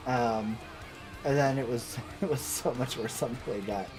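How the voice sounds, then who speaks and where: A man's voice: medium pitch, moderate pace, a little mellow, soft background music. Profane man chatting while gaming. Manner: profane, rambling banter. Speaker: streamer. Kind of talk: casual gameplay chat.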